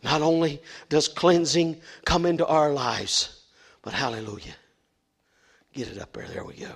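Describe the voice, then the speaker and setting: A man's voice: fairly high pitch, expressive, unhurried, vocal fry, breathy edge. A middle-aged man preaching a sermon, fervent and emphatic, now and then stumbling over his words. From West Virginia, USA. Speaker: lay preacher.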